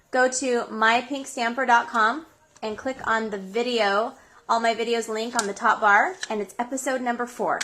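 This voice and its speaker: A woman hosting a craft tutorial, walking through each step. She speaks in a fairly high, bright and forceful voice. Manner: step-by-step explaining. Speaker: craft show host.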